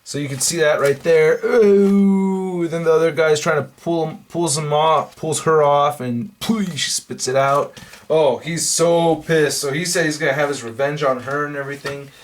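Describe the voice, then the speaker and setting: A man casually reviewing a comic book, rambling and profane, talking in an excitable, loose way. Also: fairly high pitch, normal speed, recorded from a distance.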